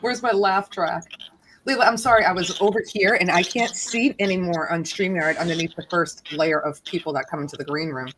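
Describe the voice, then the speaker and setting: A woman's voice: on the low side, a little fast, fairly bright tone, slight background noise, rough recording. A woman hosting a casual live-stream chat on a video call from home, bubbly and giggly as she chats while cooking. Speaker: host of a live stream hangout.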